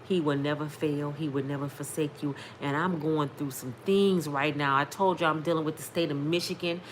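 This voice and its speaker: A woman in her fifties tells a personal testimony straight to her viewers, emphatic and preacher-like. Her voice sits on the low side for a woman. A faint hiss runs under the recording. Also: fairly even intonation, moderate pace. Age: 50s. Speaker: vlogger sharing testimony. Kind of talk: casual storytelling testimony.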